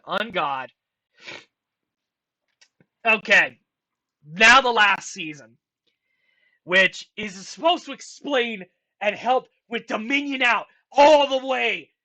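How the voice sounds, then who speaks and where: Casual vlogger, male, frustrated profane rant, slow delivery, bright tone. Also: sits high. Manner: profane, exasperated ranting with sighs. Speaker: vlogger ranking a film franchise. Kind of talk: casual ranting commentary.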